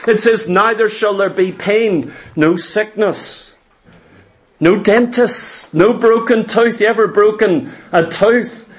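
A man's voice: high voice, takes it slowly. A man preaching a sermon, with a fervent, repetitive cadence and many rhetorical questions to his congregation.

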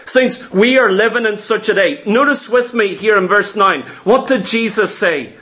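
Urgent high-voiced man preaching. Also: normal speed, a bit bright. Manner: urgent, emphatic preaching with rhetorical questions. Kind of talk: sermon.

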